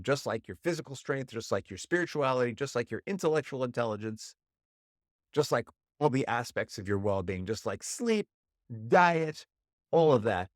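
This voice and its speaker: A man hosting a solo podcast as a relationship coach, telling a story and jumping high in pitch to act out inner voices. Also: no room sound, studio quality.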